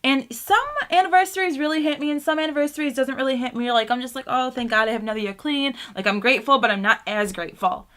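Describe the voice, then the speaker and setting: Rambling young woman, higher voice. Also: fast talker, hardly any pauses, fairly bright tone. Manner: rambling, many "like" fillers, emotional and grateful. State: tearful at times. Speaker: vlogger. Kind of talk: casual get-ready-with-me chat. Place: at home, doing makeup.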